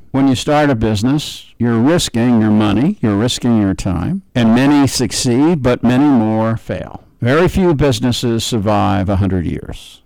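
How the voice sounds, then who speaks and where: A man's voice: medium pitch, a little mellow, no echo, rough recording. Man, middle-aged, political speaker from the US; emphatic, dry close sound. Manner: emphatic, repeats words for stress. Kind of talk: political talk.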